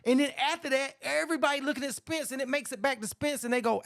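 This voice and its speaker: A man's voice: extremely high pitch, fast, vocal fry, a bit bright. A middle-aged man hosting a casual sports talk show, ranting bluntly and profanely about boxing, saying "man" constantly and getting heated. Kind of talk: casual boxing commentary rant.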